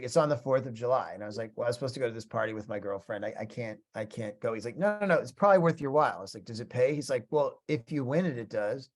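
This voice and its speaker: Chatty middle-aged man telling stories. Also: medium pitch. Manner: animated, chatty, acts out both sides of conversations. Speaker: guest musician teaching a class. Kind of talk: casual storytelling lecture.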